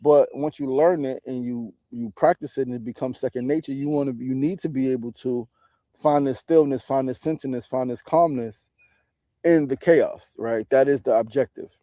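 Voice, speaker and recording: A man's voice: medium pitch, moderate pace, mellow, dry recording. A man in his forties from New City, talking candidly in a reflective casual monologue, often swearing and tagging his points with "right?". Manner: candid, profane, often tags lines with "right?". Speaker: podcast host and meditation teacher.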